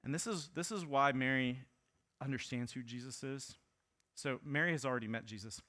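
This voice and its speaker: A bright, clear-toned man in his thirties delivers a sermon like a chat with his congregation. He mixes in little asides and fillers, then pushes his voice up to act out quoted complaints. His pitch sits in an ordinary middle range. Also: normal speed. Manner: conversational preaching with fillers and asides; acts out quoted lines in a raised voice. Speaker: pastor.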